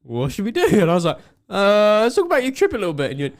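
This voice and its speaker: Male podcast co-host, high lively voice, quick reactions, laughs often and coughs through it. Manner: laughs a lot, chips in short reactions. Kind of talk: casual chat. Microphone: studio mic on arm.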